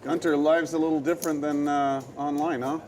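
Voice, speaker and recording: A man's voice: a little high, little pitch movement, brisk, crowd noise. A man bantering and joking with others at a poker table. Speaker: poker player.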